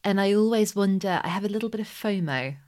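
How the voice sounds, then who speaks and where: A woman's voice: mid-range voice, quick pace, darkish tone. A woman hosting a podcast, chatting casually and musing aloud, often trailing off mid-thought. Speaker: podcast host. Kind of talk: casual chat about books.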